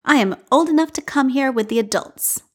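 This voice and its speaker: Lady reading as a proud little girl, higher voice, earnest and dignified. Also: fairly quick. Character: young proud girl, easily offended.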